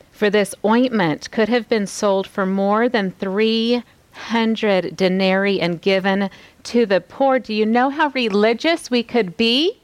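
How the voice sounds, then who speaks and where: A woman gives a devotional Bible teaching at an unhurried, lingering pace. Her voice sits a little low, and she often asks her listeners questions. The sound is dry and close, with no room echo. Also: clear, resonant tone. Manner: drops to soft, quiet tones on key lines.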